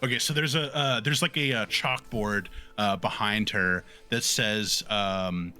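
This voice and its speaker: A man narrating as game master in a tabletop game, halting with many fillers, his voice a bit sore. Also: fairly low pitch, pushed and bright, soft background music.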